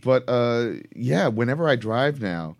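A man in his fifties, a guest playwright, chatting casually in a relaxed, hesitant way. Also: mid-range voice, unhurried. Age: 50s. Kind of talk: casual chat.

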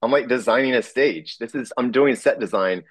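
A man telling a personal story in a halting way, full of fillers, restarts and small chuckles. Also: mid-range voice, husky, dry recording.

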